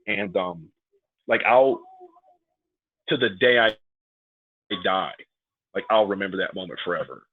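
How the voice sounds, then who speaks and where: A man's voice: low voice, measured pace, long pauses. A man, a wrestler guesting on a podcast, telling a heartfelt story in casual, rambling talk full of "like" and "man". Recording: phone-like narrow band audio.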